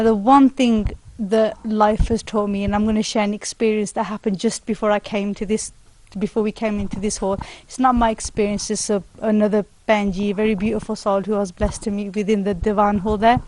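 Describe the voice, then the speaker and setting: A woman's voice: mid-range voice, level tone, fairly quick, darkish tone, a little hiss or hum. A British woman on a panel, giving an earnest spiritual talk to a congregation in a gurdwara hall and retelling a story. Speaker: panel speaker.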